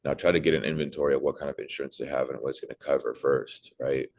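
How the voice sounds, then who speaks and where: A young man with a low voice talks his sales team through the job in a loose, casual way. He is animated and keeps breaking into a bright, put-on phone-rep voice to act out calls. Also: rapid-fire, vocal fry. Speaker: sales trainer. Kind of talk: casual sales coaching talk.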